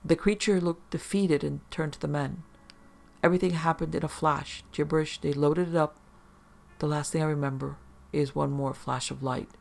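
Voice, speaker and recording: Guy with a gravelly voice reading a creepy first-person story, kinda high-ish pitch, steady pace. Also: moderate pace. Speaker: narrator.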